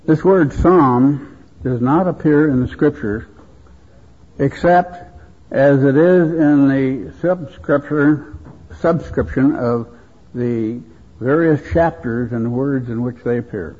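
A man preaching a sermon at a convention, speaking in a slow, measured, reverent way. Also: medium pitch, husky. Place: convention hall. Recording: tinny phone-like convention recording.

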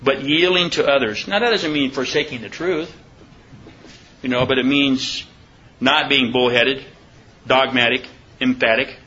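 A man's voice: mid-range voice, steady tone, pushed and bright, highs cut off, slight background noise. Conversational man preaching a Bible study. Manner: conversational, asks the listeners questions; reads scripture slowly and deliberately. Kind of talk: informal Bible study sermon.

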